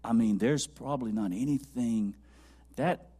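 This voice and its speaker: A man preaching a sermon, swinging from loud high-pitched exclaiming to low quiet musing, repeating lines for emphasis and dropping to a near whisper. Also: a little slow, breathy edge.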